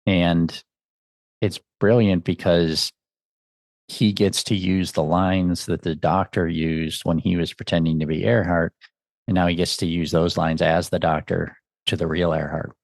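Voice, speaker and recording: A man's voice: deep voice, little pitch movement, unhurried, gravelly, darkish tone, no room sound, studio quality. A man hosting a podcast, giving a casual, musing film review as he thinks aloud. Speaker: podcast host.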